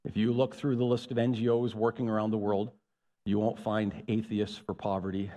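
A man's voice: on the low side, moderate pace. A man preaching a sermon, calling out to the congregation to ask for their agreement. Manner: animated, calls out to the congregation. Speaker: pastor. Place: church. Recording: echoey hall.

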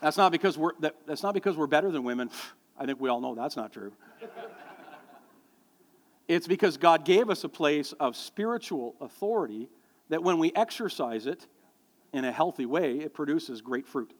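A man's voice: fairly high pitch, moderate pace. A middle-aged male pastor preaching a sermon, telling stories and joking with the congregation. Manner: storytelling, animated, jokes with the congregation. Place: church sanctuary. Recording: long hall reverb.

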